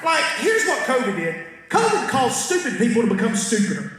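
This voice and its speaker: A man's voice: very high-pitched, huge pitch swings, brisk, a bit bright. A man doing a stand-up set, telling folksy stories with punchlines and asides to the crowd. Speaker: stand-up comedian. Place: large concert hall with a live crowd. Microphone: stage mic heard from far off in the audience. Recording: echoey hall recorded from far back in the audience.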